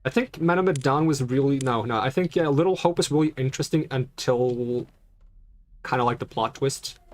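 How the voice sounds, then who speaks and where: A man's voice: mid-range voice, moderate pace. A young man chatting casually on a live stream while playing, rambling and answering questions from chat.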